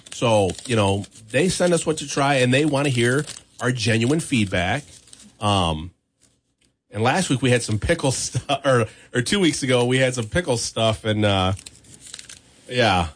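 A man's voice: mid-range voice, animated, moderate pace, slight background noise. A man hosting a morning radio show, chatty and upbeat, often laughing. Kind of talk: casual radio banter. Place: radio studio.

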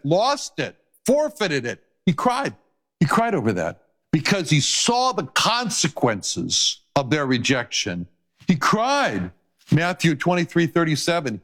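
A man preaching a sermon as a Bible teacher, earnest, his voice rising as he quotes scripture. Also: fairly bright tone. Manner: earnest preaching, rises in pitch when quoting scripture.

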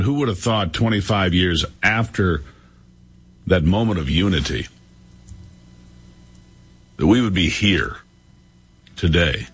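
A man hosting a call-in talk radio show, speaking in a somber, measured way. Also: deep voice, a bit bright, breathy edge.

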